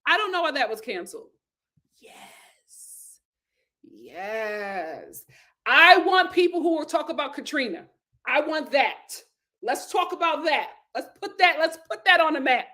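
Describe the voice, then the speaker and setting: A woman hosts a casual live stream and reads viewer comments aloud. Her voice sits high and swings widely in pitch. She laughs often and breaks into loud exclamations. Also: animated, moderate pace. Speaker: live-stream host reading chat.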